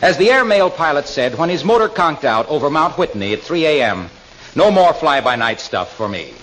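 An actor playing a cheery male announcer who slips into polished commercial pitches in a 1940s radio comedy. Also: sing-song, moderate pace, fairly bright tone. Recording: noisy 1940s radio broadcast.

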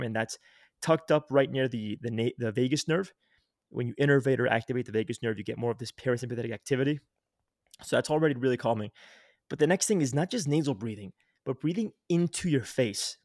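A man's voice: medium pitch, dry recording, clean studio sound. Earnest young man coaching on breathing. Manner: earnest, coaching, full of "like" and restarts. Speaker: podcast guest, health coach. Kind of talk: casual instructive interview talk.

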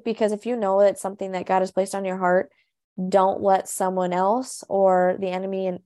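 A woman's voice: medium pitch, mellow, no room sound, studio quality. A young woman co-hosting a faith podcast, talking earnestly and casually with lots of fillers. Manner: earnest, chatty, lots of "you know" and "honestly". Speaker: podcast co-host, coach.

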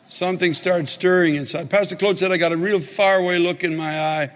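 A man's voice: high voice, steady tone, a little fast, slight background noise. Man, pastor, sermon, storytelling, repeats phrases, echoing sanctuary. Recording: long hall reverb.

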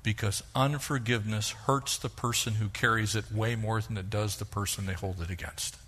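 A middle-aged male pastor preaching a sermon, animated, acting out the voices he quotes. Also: fairly low pitch, moderate pace, breathy edge.

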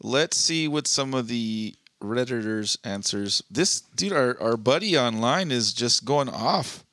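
Bright-voiced man reading Reddit aloud. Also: medium pitch, animated, unhurried, no room sound. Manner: crude, joking, reads posts aloud. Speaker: podcast co-host. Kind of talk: casual chat reading Reddit posts.

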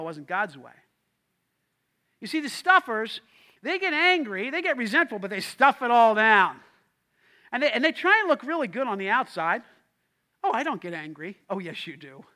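Pastor guy preaching, really high pitched, acts out voices, gets shouty. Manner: animated, acts out quoted voices, shouts in bursts. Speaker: lead pastor. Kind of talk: sermon.

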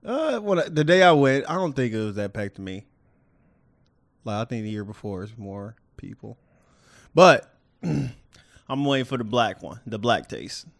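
A man's voice: mid-range voice, sing-song, measured pace, creaky, pauses often, no echo, studio quality. A man co-hosting a casual podcast, blunt and laid-back, trailing off into fillers. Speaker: podcast co-host. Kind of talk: casual chat.

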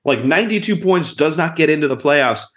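Quick emphatic young man. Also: a little high, lively intonation, a bit bright. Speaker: podcast co-host. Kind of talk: casual hockey chat.

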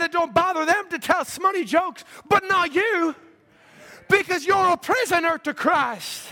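A man preaching a fervent sermon in a church, his impassioned delivery swelling into shouts. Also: very high-pitched. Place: church sanctuary.

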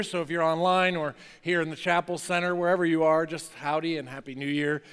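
High-voiced pastor in a reverberant hall. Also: male voice, brisk, clean tone. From North New Jersey. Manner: conversational, lively, playful asides. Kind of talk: sermon. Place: church chapel.

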